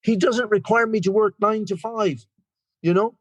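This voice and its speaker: Irish man, 60s, rambling self-deprecating recovery share; fairly high voice, dry close sound. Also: fairly even intonation, moderate pace, no room sound, lo-fi sound. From Ireland. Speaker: guest speaker.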